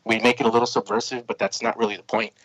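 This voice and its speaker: A man's voice: medium pitch, flat delivery, racing, a bit bright, dry recording, lo-fi sound. A man, a comic book creator, chatting casually as a podcast guest, rambling with lots of fillers and restarts.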